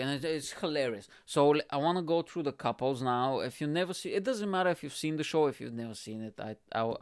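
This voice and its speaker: A man's voice: mid-range voice, clear, resonant tone, no echo, clean studio sound. A young man from Bulgaria who hosts a comedy podcast. He rambles through a profane, self-mocking monologue.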